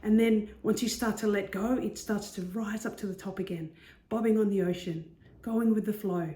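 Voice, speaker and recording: A woman's voice: mid-range voice, steady tone, normal speed, dark tone. A woman giving a casual motivational talk, chatty and saying okay again and again. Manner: chatty, says okay often. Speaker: self-help vlogger. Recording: echoey room.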